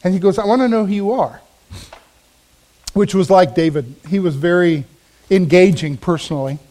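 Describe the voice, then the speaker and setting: A pastor delivers a sermon in a high, darkish voice at an ordinary pace. He tells a personal story earnestly, his delivery swelling with emphasis.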